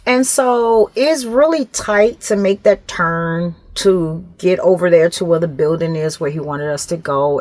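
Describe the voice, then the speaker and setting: A middle-aged woman vlogger telling a story to camera in a casual, animated way, acting out the other people's voices. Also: lowish voice, no room sound.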